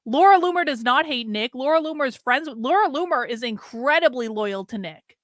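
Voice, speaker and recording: A woman's voice: high voice, lively intonation, a little fast, fairly bright tone, dry recording, studio quality. Blunt, combative woman commentator. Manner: blunt, combative, swears, addresses the clip directly. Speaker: commentator reacting to clips. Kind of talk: reaction commentary.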